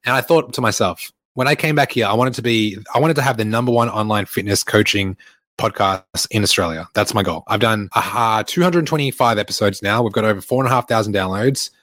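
Young guy podcasting solo, lowish voice, dry close sound, swears a lot and says like constantly. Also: a little fast, a bit bright, dry recording. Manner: rambling, swears often, many "like" fillers. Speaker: podcast host and online fitness coach. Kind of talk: casual solo podcast monologue. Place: recorded at an airport.

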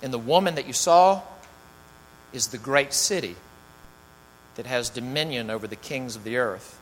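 A man's voice: medium pitch, normal speed. A man preaching a sermon, reading scripture with rising emphasis, then praying and talking loosely with fillers. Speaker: pastor. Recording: long hall reverb, faint mains hum.

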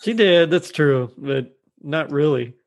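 A man's voice: a little high, lively intonation, slow pace. A man chatting casually as he retells a TV episode, laughing often as he goes. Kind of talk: casual chat recapping a TV episode.

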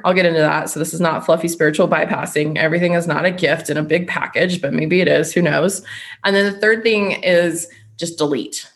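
A woman in her thirties giving a casual coaching monologue, blunt and laughing often, swearing freely. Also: fairly low pitch. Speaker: self-help podcast host.

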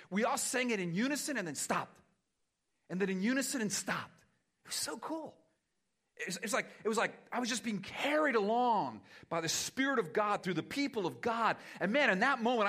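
Male pastor, sermon, conversational, self-deprecating, fairly high voice, bright tone. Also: breathy edge.

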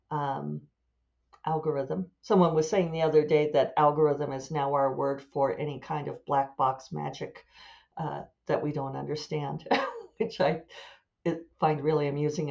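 A woman's voice: low voice, gravelly, darkish tone, lo-fi sound. A woman author chatting casually and rambling, amused at her own asides as she thinks aloud. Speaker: author and podcast host. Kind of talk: casual solo chat.

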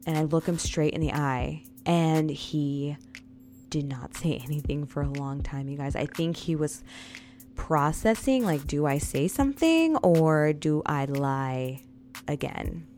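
A woman's voice: low voice, expressive, measured pace, darkish tone, faint music behind. A woman in her thirties telling viewers a personal story in a casual, confessional way, often calling out to them and repeating lines for emphasis.

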